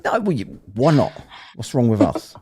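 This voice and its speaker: A man's voice: mid-range voice, moderate pace, slightly rough. A man with an English accent hosting a casual panel chat, swearing freely, teasing his guests and telling stories. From England. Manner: swearing, teasing, lively storytelling.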